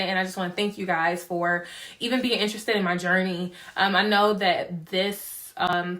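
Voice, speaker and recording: A woman's voice: medium pitch, bright, forceful tone. Young woman vlogger, casual chatty storyteller, acts out dialogue, laughs a lot. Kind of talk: casual chat to camera.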